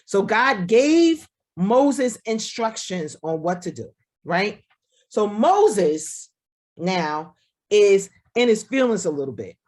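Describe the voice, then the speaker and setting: A woman's voice: medium pitch, sing-song, slow, darkish tone. A woman pastor giving a sermon over a video call, talking in a conversational way, often checking in with "right?" and acting out the voices she quotes. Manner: conversational preaching, keeps asking "right?".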